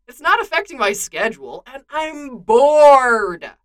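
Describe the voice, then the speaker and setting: Woman reading a teasing young male archer; bright, animated, self-mocking. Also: a little high, unhurried, full character voice.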